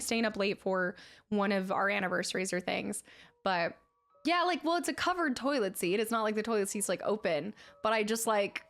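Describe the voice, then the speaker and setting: Giggly chatty young woman streamer. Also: on the high side. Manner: giggly, chatty, rambling storyteller. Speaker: streamer reading chat. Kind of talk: casual livestream chat.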